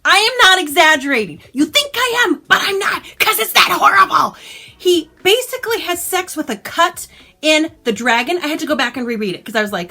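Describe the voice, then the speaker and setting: A woman's voice: sits high, a little fast. A woman vlogging a casual, exasperated and sarcastic book review from home. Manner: exasperated, sarcastic, animated retelling.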